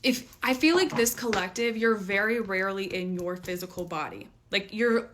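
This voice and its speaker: A woman's voice: medium pitch, normal speed, fairly bright tone, a little hiss or hum. A woman giving a casual, chatty tarot reading to her viewers, full of fillers and playful asides. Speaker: tarot reader.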